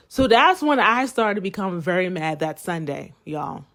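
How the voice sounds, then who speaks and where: A young woman tells a personal story to her viewers in a casual, chatty way. She is animated, often calls them y'all, and acts out the people she quotes. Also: fairly low pitch, moderate pace. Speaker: storytime vlogger.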